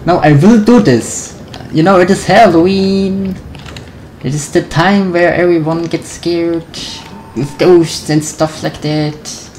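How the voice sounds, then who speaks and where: A nervous let's-play commentator works through a horror game and narrates every step aloud. They talk slowly, hum little la-la tunes to calm their nerves, and keep up a steady stream of self-talk. Faint keyboard typing sits in the background. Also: medium pitch, low-quality recording. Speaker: gaming video creator.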